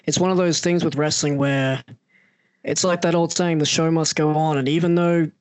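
A man's voice: on the high side, steady tone, moderate pace, clean tone, no echo. A male podcast host who also wrestles, talking earnestly and telling stories fluently. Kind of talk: podcast interview.

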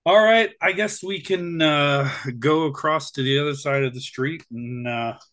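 Bright-voiced blunt male podcast co-host. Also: fairly high pitch, normal speed. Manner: opinionated, hesitant restarts, blunt. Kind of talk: casual chat.

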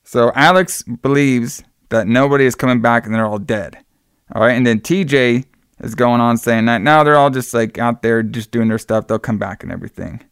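Gravelly, smooth-voiced man recapping casually. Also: medium pitch, moderate pace, fairly bright tone, dry recording, clean studio sound. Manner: loose, rambling retelling with acted-out quotes and profanity. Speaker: podcast co-host recapping a film. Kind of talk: casual chat.

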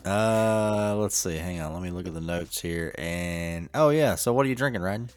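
Deep-voiced middle-aged man, rambling chat. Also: moderate pace. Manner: rambling, chuckling storyteller. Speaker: podcast co-host. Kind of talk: casual chat.

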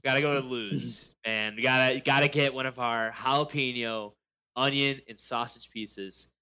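A man's voice: mid-range voice, fairly even intonation, normal speed, bright, forceful tone, clear, resonant tone, rough recording. A young man in casual podcast chat, upbeat and enthusiastic. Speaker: podcast co-host.

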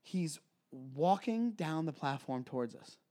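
A man, co-hosting a podcast and telling a story in casual chat, acting out other people in high voices. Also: expressive, unhurried, mellow. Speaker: podcast co-host, comedian.

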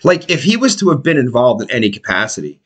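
A man's voice: mid-range voice, very animated, quick pace, slightly rough. A man telling a story in casual, profane chat and acting out the people in it.

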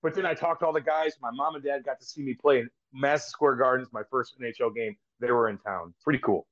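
A man's voice: medium pitch, fast, a bit bright. A man who is a former pro hockey player, guest on a podcast, rambling through a story with lots of swearing and restarted sentences. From St. Louis, US. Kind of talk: casual storytelling. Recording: slightly dull lo-fi sound.

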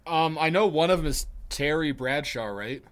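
A man's voice: a little high, lively intonation, normal speed, a bit bright. A man co-hosting a casual podcast, joking crudely and swearing freely. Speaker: podcast co-host. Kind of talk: casual chat.

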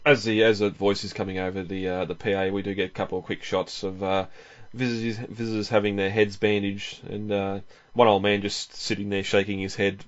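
Chatting loosely about a film, this male podcast host speaks in a fairly low voice at a moderate pace, filling his talk with ums and laughing every few lines. The audio quality is dull and lo-fi.

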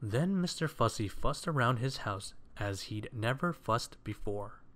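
A man reading a children's story aloud in a measured, expressive way. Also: medium pitch.

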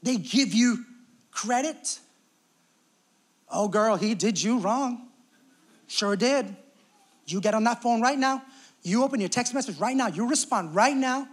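A man's voice: very high-pitched, normal speed. A young adult man preaching a sermon as pastor, talking conversationally and acting out little quoted exchanges.

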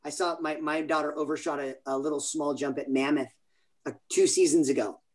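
Man, forties, from California, higher-pitched, casual rambling storyteller. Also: fairly even intonation, a little fast. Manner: rambling, self-interrupting storyteller. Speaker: podcast guest. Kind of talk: casual interview chat.

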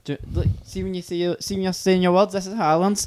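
A man's voice: high voice, flat delivery, quick pace, darkish tone, a little hiss or hum. A Glaswegian Scottish man co-hosting a podcast, ranting and swearing in casual banter and laughing often. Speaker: podcast co-host.

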